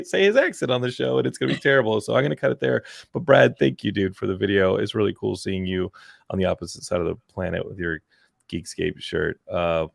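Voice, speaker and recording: A man's voice: fairly low pitch, normal speed, gravelly, dry recording, clean studio sound. A man hosting a podcast, casually chatting in a jokey, rambling way. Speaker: podcast host.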